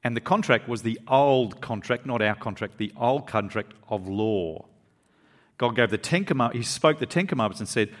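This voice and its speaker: A man preaching a sermon to his congregation, reading scripture aloud and pressing his points with quick asides. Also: in a large hall. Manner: animated preaching, pitch rising and dropping for emphasis, quick asides. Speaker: pastor.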